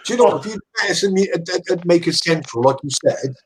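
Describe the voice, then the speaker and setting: Husky man, joking casually. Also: sits high, fast talker, rough recording. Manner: joking, self-deprecating. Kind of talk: casual chat among friends.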